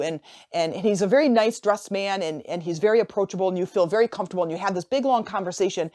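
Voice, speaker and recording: A woman hosting a motivational coaching podcast, telling a story in a casual, animated way, often repeating and restarting her phrases. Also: medium pitch, quick pace. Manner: animated, acts out imagined dialogue. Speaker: podcast host and life coach.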